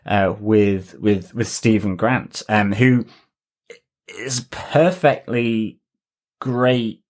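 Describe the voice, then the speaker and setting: A man co-hosting a casual podcast discussion, enthusiastic and halting, restarting his sentences as he goes. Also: on the low side, fairly even intonation. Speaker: podcast co-host.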